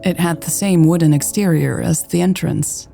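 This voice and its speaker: A woman narrating a romance story in a steady, unhurried scripted reading. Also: low-pitched, gravelly, soft background music. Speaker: audiobook narrator.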